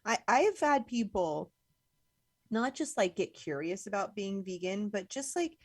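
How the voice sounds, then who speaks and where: A woman's voice: medium pitch, animated, a little slow, no echo, studio quality. A young woman co-hosting a casual podcast chat. She talks in a chatty way, uses lots of "like" fillers, and laughs often. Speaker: podcast co-host.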